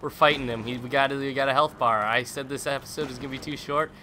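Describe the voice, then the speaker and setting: A man's voice: mid-range voice, fairly even intonation, fast, slight background noise. Young man joking through game commentary. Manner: playful, jokey, loud sudden outbursts. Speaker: let's play host. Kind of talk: gameplay commentary.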